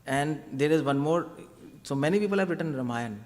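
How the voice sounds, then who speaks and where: A man's voice: on the high side, animated, a little fast, long reverb tail. A man giving a devotional lecture as a preacher, conversational and often asking his audience questions. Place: temple hall.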